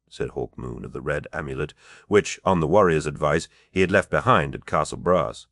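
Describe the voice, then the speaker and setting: A man narrating a fantasy audiobook in a measured, even reading style. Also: a bass voice, vocal fry, no room sound, clean studio sound. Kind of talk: scripted narration.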